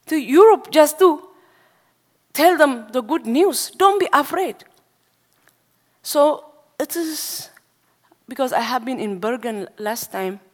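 A woman from Africa preaching a sermon to young people in a meeting hall, speaking non-native English with urgent exhortation. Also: a little high. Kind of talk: sermon testimony.

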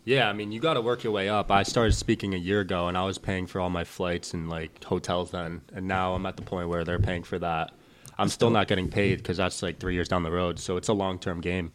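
A young man with a very deep voice talks through his work in a calm, measured way. He sounds a little stuffy, like he is getting over a cold. The tone is relaxed, casual podcast conversation. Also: a little hiss or hum. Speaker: podcast guest, entrepreneur and speaker.

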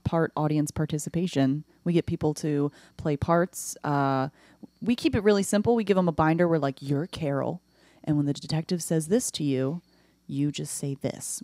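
A woman comedian chatting as a guest on a podcast, playful and quick-witted, recorded in a studio. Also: deep voice, darkish tone, dry recording. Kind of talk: casual podcast chat.

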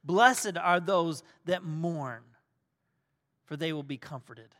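A middle-aged male pastor preaching a sermon, telling a family story and swinging from loud emphasis to soft, hushed tones. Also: a little high, slow pace. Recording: long hall reverb.

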